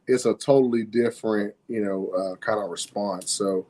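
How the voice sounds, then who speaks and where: Low-voiced man, hesitant and filler-heavy. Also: steady tone, moderate pace, mellow. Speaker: caller. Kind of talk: casual chat.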